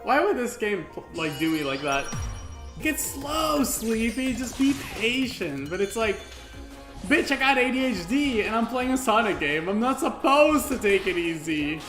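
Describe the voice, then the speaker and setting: A man streaming a video game, reacting with excitable yelps, laughter and frequent swearing. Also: high voice, moderate pace, echoey room, soft background music. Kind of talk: live gameplay commentary.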